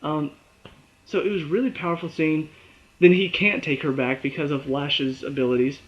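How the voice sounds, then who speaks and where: A man reviewing a TV episode in a casual solo talk, animated and acting out the characters' lines and his own reactions. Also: a little high, normal speed, dull audio. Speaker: TV show reviewer.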